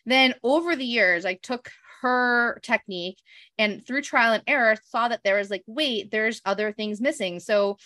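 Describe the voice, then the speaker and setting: A woman's voice: fairly high pitch, moderate pace, pushed and bright, no echo, studio quality. A woman business coach hosting a solo podcast, talking casually and telling stories with lots of "like". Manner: casual, storytelling, heavy use of "like".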